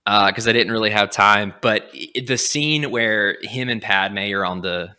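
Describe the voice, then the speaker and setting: A young man hosts a casual podcast, retelling a story with plenty of energy. His voice sits a touch low but comes across bright and forceful. He keeps slipping into quoted lines of dialogue as he goes. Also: clean tone. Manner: animated, acts out lines in quick quotes. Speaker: podcast host.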